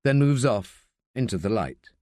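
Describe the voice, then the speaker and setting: Measured and expressive, a man tells the story of an audiobook in a mid-range voice. The sound is dry and studio-clean.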